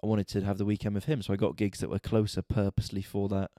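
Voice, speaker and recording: A man vents through a casual, swear-heavy monologue, his voice sitting fairly low and sounding soft and mellow. He sounds exasperated and animated as he tells his story, recorded close and dry with almost no room sound. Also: fast talker, dry recording. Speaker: podcast host and stand-up comedian.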